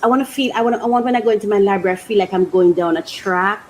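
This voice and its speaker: A woman hosting a faith podcast, talking casually and emotionally, laughing often and slowing down when she reads aloud. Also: medium pitch, slight background noise, low-quality recording. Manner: emotional and expressive, laughs often, restarts sentences; slows down when reading aloud. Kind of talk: casual reflective monologue.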